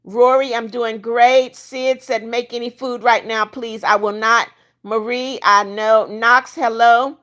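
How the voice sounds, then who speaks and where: An older woman reads viewer comments aloud on her casual livestream and bluntly kicks out those making trouble. Her slightly high, fairly bright voice is steady and slow-paced.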